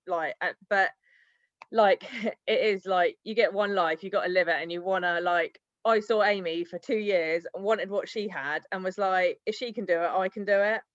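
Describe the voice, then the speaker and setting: A woman's voice: medium pitch, fairly bright tone, no room sound. A woman sharing sales tips on a team video call, chatty and rambling, laughing often. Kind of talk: casual team-call talk. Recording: dry, dull lo-fi call audio.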